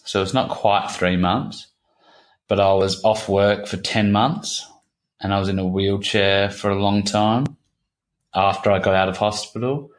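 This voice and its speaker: Halting, low-voiced man in his thirties. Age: 30s. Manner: halting, repeats himself, swears casually. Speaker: interview guest. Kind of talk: candid personal conversation.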